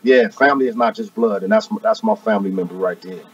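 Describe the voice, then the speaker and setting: A man in his forties, a rapper being interviewed, talking in a relaxed, casual way and often adding "you know what I mean.". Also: mid-range voice, fast talker, gravelly, distant mic, a loud crowd. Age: 40s. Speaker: rapper guest. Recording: dry, muffled audio from off-mic.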